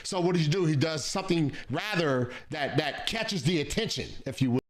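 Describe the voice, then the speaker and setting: Measured preacher man, fairly high voice. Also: animated. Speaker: preacher in a played clip. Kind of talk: calm sermon explanation.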